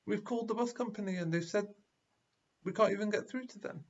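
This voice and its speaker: A man's voice: fairly high pitch, normal speed, darkish tone, husky, lo-fi sound. A man voicing anxious, begging stranded passengers. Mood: pleading. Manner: begging, urgent.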